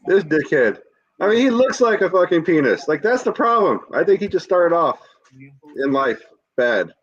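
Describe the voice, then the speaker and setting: A man's voice: a little high, very animated, normal speed, lo-fi sound. A man co-hosting a podcast, ranting and swearing freely in casual chat. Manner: heated, swears freely, rants. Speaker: podcast co-host.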